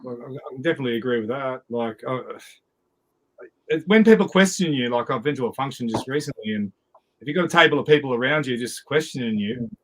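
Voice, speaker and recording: A man joins a livestream chat with emphatic agreement, hammering his points by repeating them. His voice sits at an ordinary middle pitch. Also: lively intonation, fast, rough recording.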